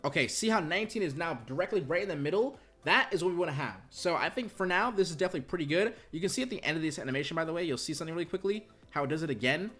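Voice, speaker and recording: Young male tutorial host, quick rambling delivery, a bit high, bedroom recording. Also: expressive, a bit bright, faint music behind. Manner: rambling, repeats "right?" and "you guys". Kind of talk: casual screen-recorded software tutorial.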